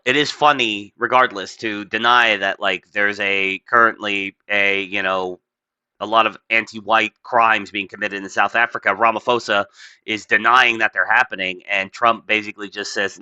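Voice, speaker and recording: A man runs a casual, opinionated podcast, rambling with profanity, lots of "like," and frequent laughter. His voice sits on the low side, sharp in tone with fairly even intonation, at normal speed, and there's no room sound.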